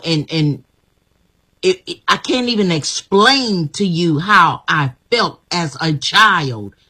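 A woman's voice: on the low side, sharp tone, husky, poor audio. A woman guest telling her life story in an emphatic, repetitive, motivational way. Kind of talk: inspirational personal story.

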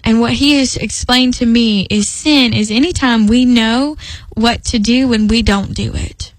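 A woman's voice: fairly high pitch, a little slow, no room sound, rough recording. A young woman speaking earnestly about faith in a personal devotional talk, emphatic and rambling with restarts. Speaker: Christian speaker.

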